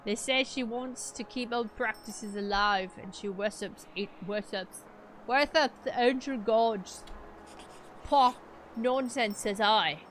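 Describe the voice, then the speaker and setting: A woman's voice: on the high side, slow, slight background noise. A woman voicing a stern rustic male villager in a game, talking in a folksy, scolding drawl. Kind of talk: voicing game characters on stream.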